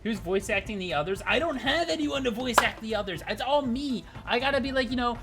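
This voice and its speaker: A man streaming a game playthrough to chat, swearing often and reacting loudly, at a desk mic at home. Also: very high voice, animated, quick pace, few pauses, faint music behind. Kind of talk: casual livestream playthrough.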